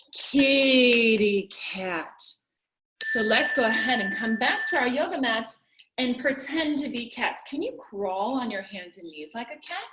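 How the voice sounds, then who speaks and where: A woman teaching a kids yoga class in a playful, sing-song way, with drawn-out phrasing. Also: a little high, pushed and bright, slight background noise. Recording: echoey room, voice from a distance.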